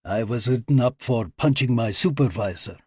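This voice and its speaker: A man voicing a huge male agent with a heavy Russian accent, speaking low and sneering. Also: normal speed, a little mellow, breathy edge, no echo, studio quality, lightly acted. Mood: deadpan menace. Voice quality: lowered, sneering voice.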